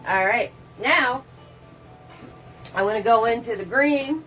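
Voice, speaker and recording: This painting instructor's voice is a little high and fairly bright, and she speaks slowly; soft music plays behind the low-quality recording. Leading a relaxed live tutorial, she chats with viewers, responds to their comments while painting, and gives casual, loose step-by-step guidance.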